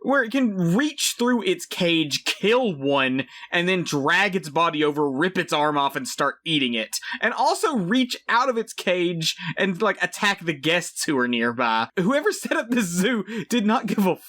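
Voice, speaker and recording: A man co-hosting a podcast, chatting casually about a film in an animated, profane way and acting out scenes in silly voices. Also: high-pitched, measured pace, few pauses. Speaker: podcast co-host. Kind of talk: casual film review chat.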